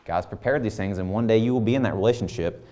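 A man's voice: fairly low pitch, fast talker, mellow. A man in his thirties preaching a conversational sermon full of rhetorical questions. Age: 30s. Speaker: pastor.

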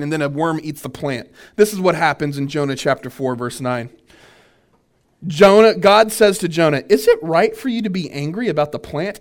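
A man, a minister, teaching a church workshop on boundaries, animated and full of restarts as he tells stories. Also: a little high. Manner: animated storytelling with many restarts.

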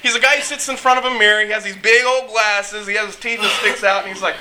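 A man preaching a casual, joking sermon, acting out quotes with lively energy. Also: very high voice, moderate pace, background noise. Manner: animated, joking, acts out quotes.

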